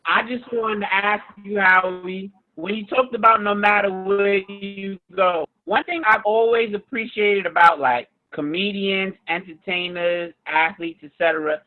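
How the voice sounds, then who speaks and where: Co-host guy, kinda high voice, sounds like he's on a phone line, slow careful question. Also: fairly even intonation, soft background music. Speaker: podcast co-host. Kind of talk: casual interview question. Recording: phone-like thin audio.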